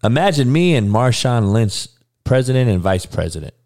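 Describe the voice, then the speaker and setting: A man's voice: medium pitch, sing-song, moderate pace, a little mellow. A man hosting a podcast, ranting casually and profanely to his audience with frequent laughing asides. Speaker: podcast host.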